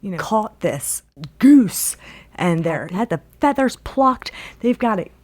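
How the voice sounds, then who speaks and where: A woman's voice: medium pitch, big pitch swings, takes it slowly. A woman telling a long story in a casual, rambling way, full of filler words.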